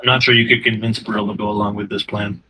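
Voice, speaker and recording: Bright-voiced man running a game. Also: fairly low pitch, fast, a little hiss or hum. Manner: laughs often, playful and animated. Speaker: game master. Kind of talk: running a tabletop game, casual chat.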